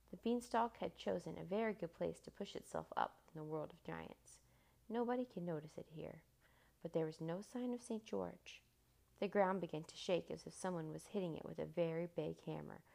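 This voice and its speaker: A woman reading a children's storybook aloud in a steady, expressive narration. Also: lowish voice, vocal fry.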